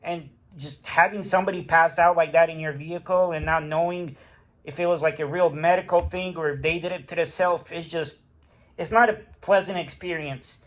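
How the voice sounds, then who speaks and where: A man's voice: fairly high pitch, steady tone, normal speed, fairly bright tone. A man telling a personal story in a casual, rambling way, full of fillers and restarts. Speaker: rideshare driver.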